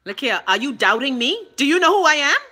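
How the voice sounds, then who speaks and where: Sassy Bahamian woman, bright voice. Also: high voice, big pitch swings, fast, slight background noise. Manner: sassy, bossy teasing. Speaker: radio co-host. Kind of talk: casual chat.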